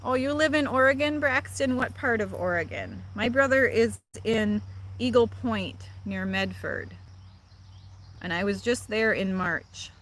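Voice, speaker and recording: A woman's voice: on the high side, a little slow, fairly bright tone. Chatty Midwestern woman streaming live. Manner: chatty, answers viewer comments, laughs often. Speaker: livestream host. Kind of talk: casual live chat with viewers.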